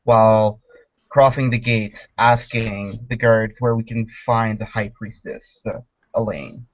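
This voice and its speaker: A man's voice: fairly low pitch, steady tone, a little slow, no echo, highs cut off. A man describing his character's actions in a tabletop game, matter-of-fact. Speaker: player.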